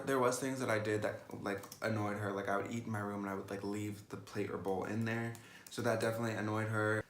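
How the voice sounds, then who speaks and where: A man's voice: on the low side, fairly bright tone, slight background noise. An eighteen-year-old man telling a personal story in a casual vlog, chatty and sassy, with lots of "like". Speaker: makeup vlogger. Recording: roomy echo.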